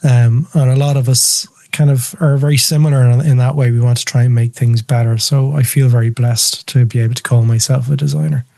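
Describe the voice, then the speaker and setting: An Irish man talking as a podcast guest in a relaxed conversational way, telling animated anecdotes and acting out the voices of the people in them. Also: medium pitch, fairly quick, hardly any pauses, dry recording, studio quality. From Ireland. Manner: animated storyteller, acts out quoted voices. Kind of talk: casual chat.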